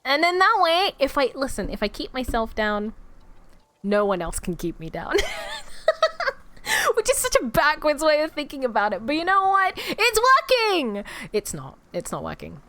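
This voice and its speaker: A young woman chatting on a live stream with a high, bright-sitting voice that swoops all over the place. She talks in an animated, self-deprecating way and keeps laughing at herself between thoughts. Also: moderate pace. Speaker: VTuber streamer. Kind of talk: casual stream chat.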